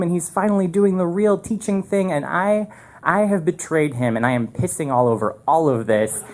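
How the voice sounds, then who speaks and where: A man telling a personal story at a live storytelling show, animated and rambling, with lots of fillers and restarts, into a stage microphone. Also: a little high.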